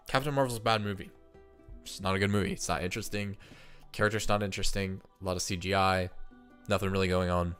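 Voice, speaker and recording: A man's voice: sits low, fairly bright tone. Stuffed-up man chatting casually. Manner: chatty, thinking aloud with fillers and restarts. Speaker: streamer ranking movies. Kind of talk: casual chat to viewers.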